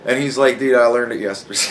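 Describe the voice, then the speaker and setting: Man, podcast host, casual storytelling, profane, animated, middle pitch, faint background noise. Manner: profane, animated, laughing a lot while telling.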